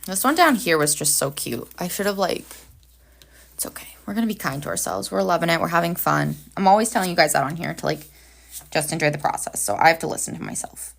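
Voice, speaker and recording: A woman's voice: fairly low pitch, fast, creaky. A woman hosting a live planner session, chatting casually and cheerfully with viewers while she draws. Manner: chatty, upbeat, talks to viewers while working. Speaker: planner livestream host.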